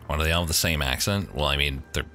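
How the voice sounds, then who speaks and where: A man's voice: very deep voice, fast talker, sharp tone. A man streaming a game live, giving casual, joking commentary and laughing often. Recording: game music playing behind the voice.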